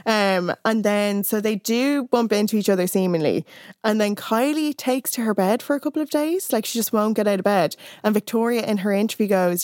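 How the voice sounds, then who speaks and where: A woman's voice: mid-range voice, fairly quick, a little mellow, no room sound, clean studio sound. A young adult woman, chatting casually on a podcast, recapping scenes and acting out quoted lines with plenty of fillers.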